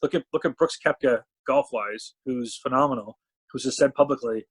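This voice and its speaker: A man from Canada, a talent management CEO, chatting as a podcast guest and telling animated stories where he acts out what people said. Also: mid-range voice, normal speed, husky. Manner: animated storyteller, acts out quotes. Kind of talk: casual storytelling chat.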